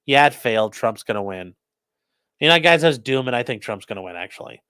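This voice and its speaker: Bright, dry-voiced sarcastic male streamer. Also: mid-range voice, lively intonation, brisk, clean tone, no echo. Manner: sarcastic, bursts into shouted mock voices. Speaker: streamer reading live chat. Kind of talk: live-stream commentary.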